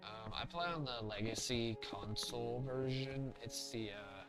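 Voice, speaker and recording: On a rough recording with background music, a man with a mid-range voice live-streams a game, speaking unhurriedly. He chats casually with viewers, rambling and thinking aloud with plenty of fillers.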